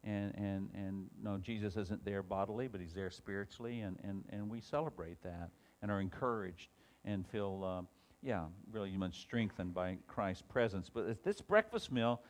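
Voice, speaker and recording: Lowish-voiced man teaching a Bible class. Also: normal speed. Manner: reads scripture aloud with rising emphasis, then talks it over with many restarts.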